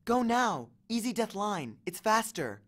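A man's voice: sits high, very animated, unhurried, a bit bright, pitched above the performer's own voice, exaggerated voice. A man voicing a bossy but tender teenage girl hero in an audiobook reading. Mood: commanding.

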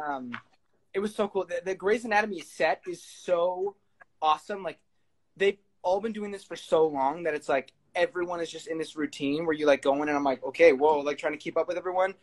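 A man's voice: on the high side, fairly quick. A young man chatting casually as an interview guest, laid-back and rambling, with lots of fillers and restarts. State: sweating in the heat. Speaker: guest singer and actor. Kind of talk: casual interview chat, then singing with guitar.

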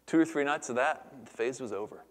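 A man in his thirties preaching a sermon as pastor, earnest, moving between hushed near-whispers and lively storytelling. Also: medium pitch, brisk. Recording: long reverb of a church hall.

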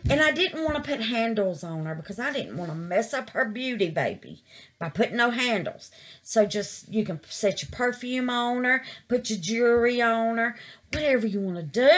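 A woman's voice: a little high, expressive, normal speed, fairly bright tone. A woman gushing over her resin craft in a casual vlog, calling her viewers baby and y'all.

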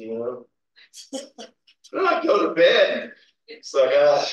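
Animated male preacher, somewhat high voice, echoey church sound. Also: takes it slowly, pauses often. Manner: animated storytelling with laughs and acted quotes. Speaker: pastor. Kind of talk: sermon. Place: church sanctuary. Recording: roomy echo, from a distance.

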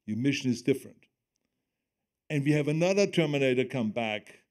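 An older man with a German accent, speaking at a medium pitch and a brisk pace, is a guest telling stories on stage in conversation. He's animated and often laughs as he quotes other people.

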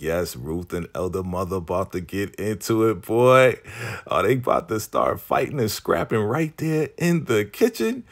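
A man recapping a TV episode in a casual, animated, slangy way, acting out the characters' lines. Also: on the low side, normal speed. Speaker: TV recap vlogger.

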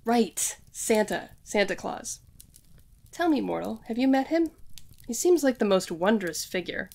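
A woman's voice: mid-range voice, expressive, a little slow, gravelly, a little mellow. A woman playing a scatterbrained young witch in training. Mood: puzzled. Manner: rambling, addresses the listener directly. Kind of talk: audio role-play for a listener.

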